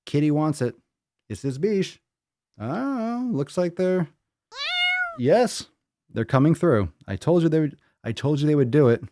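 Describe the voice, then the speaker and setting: A man hosting a casual livestream podcast from his home podcast room, loud, joking and profane, cooing at his cat between bits. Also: a little high, lively intonation, measured pace, long pauses. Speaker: podcast host.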